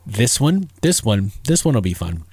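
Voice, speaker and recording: Man, podcast host, relaxed slangy storyteller, dry close sound. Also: lowish voice, normal speed, breathy edge, no room sound. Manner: laid-back, chatty, slang-heavy.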